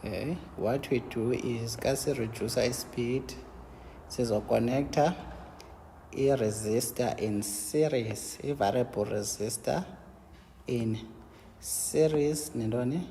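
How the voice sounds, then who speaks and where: A man with a South African Xhosa accent teaching an engineering lesson, mixing English and Xhosa, explaining step by step and answering his own questions with quick checks like "yabo?". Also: medium pitch, warm tone, in a large hall, slight background noise. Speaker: engineering lecturer.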